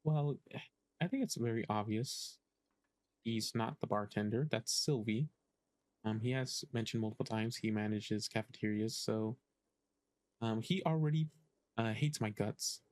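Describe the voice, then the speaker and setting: A man's voice: lowish voice, a little slow, a little mellow, dry recording. Male streamer, casual game commentary, hesitant, thinks aloud, dry mic. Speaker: gaming streamer. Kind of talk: casual let's-play commentary.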